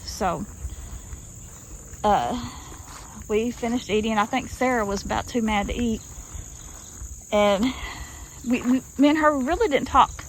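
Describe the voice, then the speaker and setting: A woman's voice: fairly high pitch, measured pace, pauses often, poor audio. A woman telling a story to her viewers in a folksy, drawling way, recorded outdoors in rural woods. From Arkansas. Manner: folksy, drawling, addresses listeners as y'all. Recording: faint outdoor noise. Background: crickets and insects.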